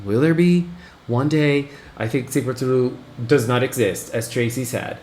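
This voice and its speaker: A man hosting a casual live stream, excitably chatting and greeting his viewers one by one. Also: mid-range voice, moderate pace, a little hiss or hum. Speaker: livestream host. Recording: roomy echo.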